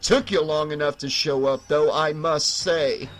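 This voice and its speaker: A man's voice: fairly high pitch, fairly even intonation, unhurried, soft background music, natural voice. A man reading an audiobook, voicing a mocking, grinning undead older brother with a sarcastic, taunting manner.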